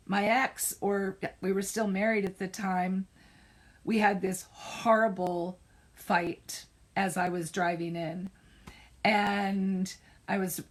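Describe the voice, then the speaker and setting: A middle-aged woman therapist speaking casually on a live stream, telling a personal story and giving advice, unhurried and self-correcting, emphatic on key points. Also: mid-range voice.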